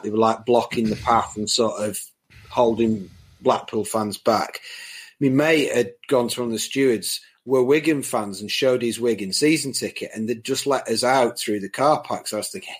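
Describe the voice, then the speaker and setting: A man tells a story in relaxed podcast chat. His voice is slightly husky, and his telling is lively and exasperated. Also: medium pitch. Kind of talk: casual chat.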